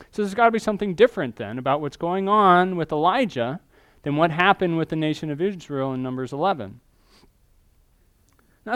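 Man preaching, crisp and dry. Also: on the high side, dry recording. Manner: reads scripture with rising emphasis on quoted pleas. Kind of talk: sermon with scripture reading.

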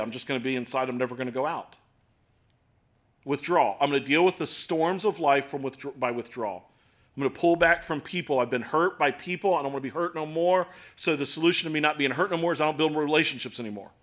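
Bright-voiced pastor preaching conversationally. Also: male voice, mid-range voice. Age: 40s. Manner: conversational and self-deprecating, shifting loud and soft. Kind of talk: sermon.

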